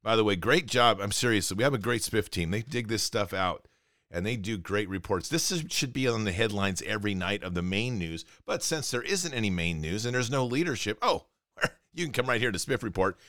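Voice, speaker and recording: An indignant man hosts a political commentary show, reading news items aloud and breaking into sarcastic rants. His lowish voice is bright and forceful, with lively intonation and a brisk pace. The recording is dry and close, with no echo or room sound.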